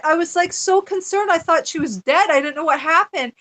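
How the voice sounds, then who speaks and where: A middle-aged woman with a high voice shares a personal story in a casual podcast chat. She is animated and chatty, laughing often as she goes. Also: fairly quick. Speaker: podcast guest.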